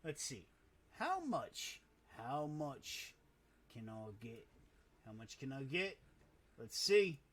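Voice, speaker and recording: Man in his own casual voice, mid-pitched, unhurried, self-mocking gameplay commentator. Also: sing-song. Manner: slow, muttering to himself, self-deprecating. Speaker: gamer.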